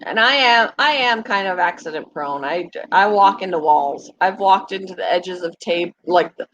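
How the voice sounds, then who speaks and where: A woman's voice: fairly low pitch, normal speed, a bit bright, lo-fi sound, a little hiss or hum. A middle-aged woman hosting her own channel, chatting casually with viewers, self-mocking and laughing often. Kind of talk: casual chat.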